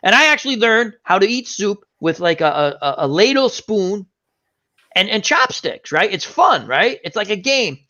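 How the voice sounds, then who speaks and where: A man hosting a casual chat, telling an animated anecdote and acting out the voices of the people in it. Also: sits high, moderate pace. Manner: animated anecdote teller, acts out quoted voices. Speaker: host. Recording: dull lo-fi stream audio.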